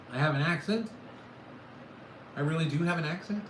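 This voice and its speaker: A man's voice: fairly high pitch, a little slow, background noise. A man from California hosting a casual livestream, rambling and joking with his chat. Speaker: livestream host. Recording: echoey room with faint ambience.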